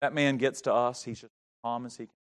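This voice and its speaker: A middle-aged man preaching, telling a story with big swings from shouting to hushed tones. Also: mid-range voice, level tone, a little fast. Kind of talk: sermon storytelling.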